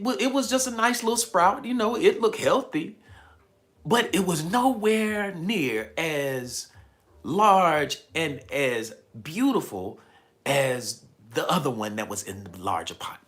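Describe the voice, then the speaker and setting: Lively, bright-voiced man hosting a livestream. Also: fairly high pitch. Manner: animated, repeats phrases while building a story. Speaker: livestream host. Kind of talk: casual storytelling to live chat.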